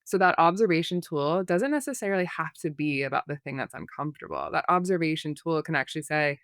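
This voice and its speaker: A woman's voice: low-pitched, animated, fast, dry recording, studio quality. A woman therapist, a podcast guest, explaining in a rambling, casual way full of fillers and examples.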